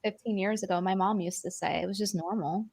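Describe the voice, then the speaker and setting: A woman's voice: medium pitch, fairly even intonation, fast, gravelly, a little mellow, breathy edge, no room sound. Matter-of-fact woman, dry close sound. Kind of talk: casual chat.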